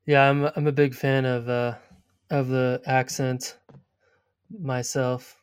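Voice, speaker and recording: A man hosting a podcast interview, easygoing and quick to laugh. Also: medium pitch, level tone, clean tone, no echo, clean studio sound. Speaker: podcast host. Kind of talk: casual interview chat.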